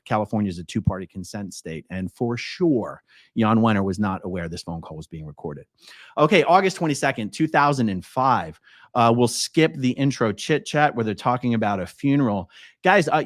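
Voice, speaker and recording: A man's voice: on the low side, no echo, studio quality. A man hosting a casual live stream, reading a transcript aloud and adding chatty, wry asides to his viewers. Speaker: YouTube host. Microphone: own studio mic checked before streaming.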